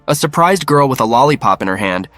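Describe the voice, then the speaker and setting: Male narrator, mid-pitched, even matter-of-fact read, dry close sound. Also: fast talker, no room sound, faint music behind. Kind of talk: scripted narration.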